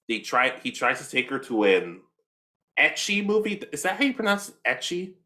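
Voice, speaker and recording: A young man co-hosting a casual anime talk show, retelling an episode with quick voices for the characters. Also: medium pitch, very animated, sharp tone. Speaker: podcast co-host.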